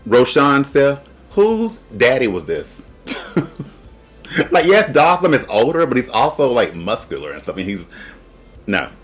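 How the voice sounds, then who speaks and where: A man's voice: fairly low pitch, fairly bright tone. A man hosting a casual review, chatty and blunt, joking and laughing often. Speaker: host.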